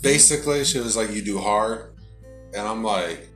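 A man's voice: on the low side, moderate pace. Young man telling a profane story, echoey room. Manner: profane, animated storytelling with many fillers. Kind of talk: casual chat. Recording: echoey room with loud music behind.

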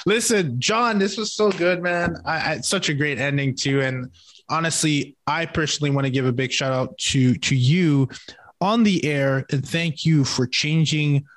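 A man hosting a podcast interview, enthusiastic and quick to laugh, thanking his guest. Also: a little high, a bit bright, dry recording. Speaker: podcast host. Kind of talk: casual interview chat.

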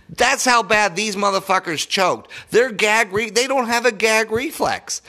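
A young man with a high, bright, sharp voice rants about his team like a fired-up fan. He is annoyed and sarcastic and swears constantly. His delivery is loose and unscripted, like a casual podcast. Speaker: sports podcaster. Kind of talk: profane fan rant.

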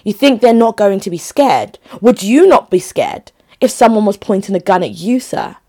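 A woman's voice: mid-range voice, lively intonation, normal speed, warm tone. A young adult woman chatting casually to her viewers, emphatic and often restarting her phrases. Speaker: vlogger. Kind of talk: casual talk to camera.

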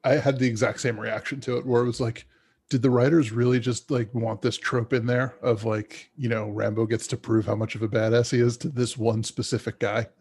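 Male podcaster, gravelly and husky, rambling casual film talk. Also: mid-range voice, level tone, brisk, a little mellow. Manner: rambling, frequent restarts and ums. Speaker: podcast co-host. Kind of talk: casual movie discussion.

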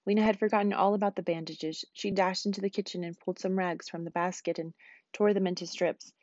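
A woman teacher reading a novel aloud, quick and expressive. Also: fairly low pitch, no room sound, dull audio.

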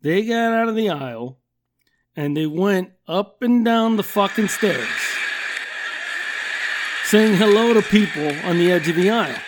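A man's voice: sits high, animated, measured pace, pauses often, slight background noise. A middle-aged man hosting a podcast, telling rambling comic stories in a profane, ranting way. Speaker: podcast host. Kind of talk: comedic rant monologue.

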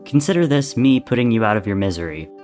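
A man reading a story aloud, voicing an aloof young man who speaks calmly and evenly. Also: medium pitch, quick pace, faint music behind, lightly acted. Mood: cool.

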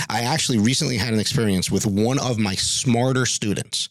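A man's voice: mid-range voice, brisk, few pauses, dry recording, clean studio sound. A middle-aged man, a music teacher, telling stories in a podcast interview and acting out the voices of people he quotes.

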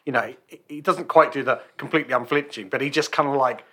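Bright-voiced man reviewing a film. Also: medium pitch, fast. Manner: chatty, trailing off and restarting. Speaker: podcast co-host. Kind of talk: casual film review chat.

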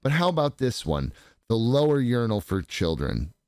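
A man's voice: medium pitch, moderate pace, smooth, no room sound, clean studio sound. A man co-hosting a podcast in crude, casual banter, swearing often and breaking into exaggerated voices. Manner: profane, animated, jumps into exaggerated voices. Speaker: podcast co-host.

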